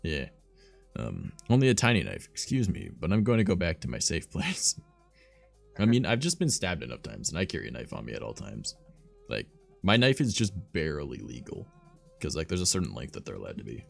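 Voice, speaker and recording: A man's voice: rumbling low, wildly swooping pitch, brisk, vocal fry, soft background music. A young man hosting a livestream, telling stories in a rambling, profane, filler-heavy casual way. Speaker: streamer host.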